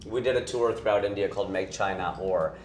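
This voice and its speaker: A comedian hosts a casual interview, chatty and jokey, rambling through questions and stories in a low-pitched, slightly fast voice. The sound is reverberant, with soft music in the background.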